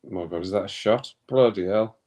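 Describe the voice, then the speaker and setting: A man hosts a casual stream, chatting to his viewers. His voice sits a little low. He reads comments aloud and laughs easily. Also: brisk, a little mellow. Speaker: live stream host. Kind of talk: casual watch-along chat.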